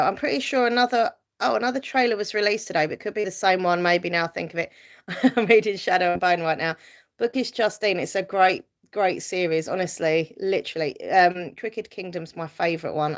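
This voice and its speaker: A woman's voice: fairly low pitch, fairly quick. Chatty woman hosting a live stream. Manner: chatty, reads viewer comments aloud and answers them; rambling, with frequent fillers and light laughs. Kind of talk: casual live-stream chat.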